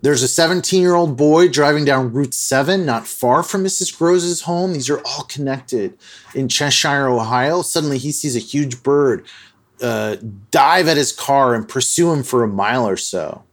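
A man's voice: mid-range voice, normal speed. A man hosting a podcast who retells a story in a loose, chatty way, full of "like" and other fillers. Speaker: podcast host. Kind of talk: casual storytelling chat.

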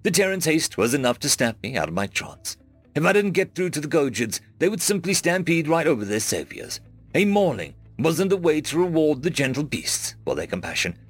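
A man narrating a first-person science fiction story in a measured storytelling manner. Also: on the high side, big pitch swings, husky. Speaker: audiobook narrator. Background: faint background music.

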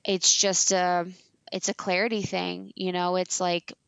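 A woman's voice: lowish voice, level tone, unhurried, gravelly, fairly bright tone, smooth, no room sound. A woman in her late twenties, a blogger and podcaster, talking casually and emphatically as an interview guest, with many fillers. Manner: chatty, frequent "like" and "you know" fillers, emphatic. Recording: dry, slightly dull lo-fi sound.

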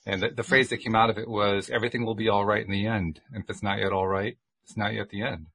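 A man's voice: lowish voice, flat delivery, quick pace, creaky, a bit bright, breathy edge. A man in reflective casual conversation, talking thoughtfully with frequent restarts.

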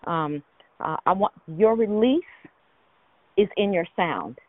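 A woman's voice: medium pitch, expressive, slow pace, no room sound. A woman leading a prayer call, out of breath, speaking in an emphatic, encouraging way. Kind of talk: spirited prayer ministry on a call. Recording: tinny phone line.

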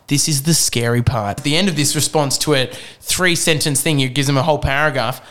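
A young man in his twenties, co-hosting a casual chat, telling a story with animated voices and frequent laughs. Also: mid-range voice, a little fast. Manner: animated, acts out voices in anecdotes, laughs often. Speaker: podcast co-host.

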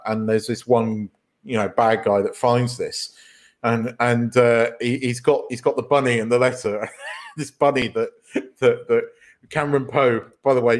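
Giggly man chatting about films. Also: medium pitch. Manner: rambling, giggly, many restarts. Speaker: podcast co-host. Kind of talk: casual film chat.

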